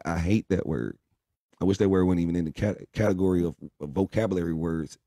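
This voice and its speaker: A young man with a deep, low voice chats on a late-night live stream. He talks bluntly and profanely, preaching at his viewers. His voice sounds dark and close, with no room around it. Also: fast, dry recording. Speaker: livestream co-host. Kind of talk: casual live stream chat.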